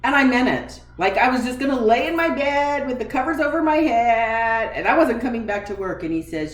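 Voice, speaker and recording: A woman's voice: a little high, a little fast, hardly any pauses, roomy sound. A woman in her forties, candidly telling a personal story with emotion, acting out the conversations she recalls. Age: 40s. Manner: candid, emotional, animated retelling with quoted dialogue. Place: room in her home.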